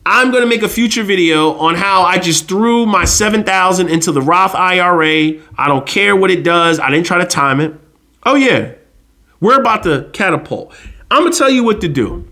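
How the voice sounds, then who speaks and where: A man's voice: sits high, animated, normal speed, pushed and bright. A man hosting his own finance channel, giving a blunt, slangy, preachy casual monologue.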